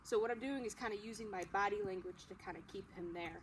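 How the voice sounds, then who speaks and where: A woman dog trainer explaining a training demonstration in a friendly way, breaking into high-pitched, excited praise for the dog. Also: a little fast, few pauses. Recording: noisy background ambience.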